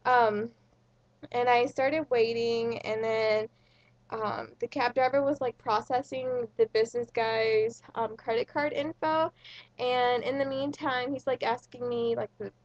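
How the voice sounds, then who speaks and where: A young woman vlogger telling a story in a chatty, casual way, full of fillers and sudden excited bursts. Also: a little high, measured pace, no room sound, muffled recording. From India.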